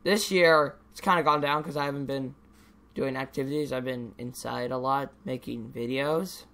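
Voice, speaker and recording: A man's voice: mid-range voice, steady tone, normal speed, fairly bright tone. A teenage boy vlogging in a casual, rambling way, ranting and swearing freely with lots of fillers. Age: teens.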